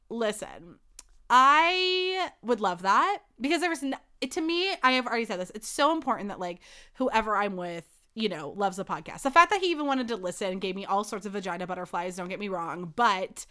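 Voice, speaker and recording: A woman's voice: medium pitch, fairly bright tone. A young woman hosting her own podcast, chatting on her own in a rambling, flustered way with lots of "like.". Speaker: podcast host. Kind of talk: solo podcast chat.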